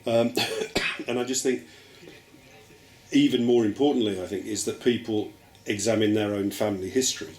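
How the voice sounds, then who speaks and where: A television writer from Birmingham, England, gives reflective interview answers in a low, slightly mellow voice with fairly even intonation at normal speed. He's thoughtful, hedging with "I mean" and "I think," and the room is echoey with faint ambient noise.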